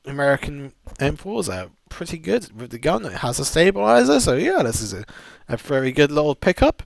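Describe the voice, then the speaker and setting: A man's voice: fairly high pitch, very animated, a little fast, gravelly, no room sound. A man giving a casual, rambling game buying guide, full of restarts and enthusiastic asides. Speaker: gaming video host.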